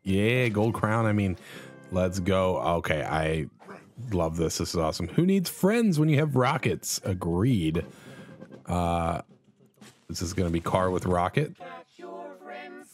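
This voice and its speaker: A man hosting a casual let's play, commenting on a silly game and jumping into high excited yelps. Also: measured pace. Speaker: gaming channel host.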